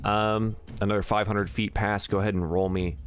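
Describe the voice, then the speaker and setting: A man narrating as game master in a relaxed, chatty way with frequent fillers. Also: fairly low pitch, normal speed.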